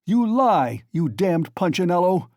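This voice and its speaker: A man voicing an angry, proud young student who shouts furious demands in a storybook reading. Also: sits high, animated, normal speed, no room sound, clean studio sound, pitched above the performer's own voice.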